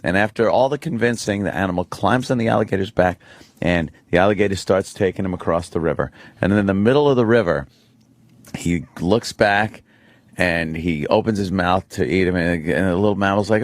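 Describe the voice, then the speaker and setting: A radio host with a fairly low voice tells a loose, rambling tale and laughs along with the others. His sound is dry and close, with no echo around it. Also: brisk. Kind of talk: casual radio banter.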